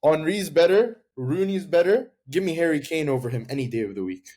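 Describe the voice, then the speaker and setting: A man's voice: a little high, lively intonation, a little fast, dark tone. A man pushing back bluntly and dismissively in a casual football debate on a podcast.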